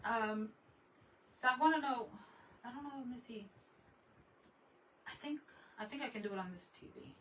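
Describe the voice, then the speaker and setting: Bright chatty woman hosting a craft livestream. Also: on the high side, moderate pace, long pauses. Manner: chatty, greets viewers in Spanish; laughs often, trails off mid-sentence. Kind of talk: casual livestream chat. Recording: voice a bit distant, faint room noise.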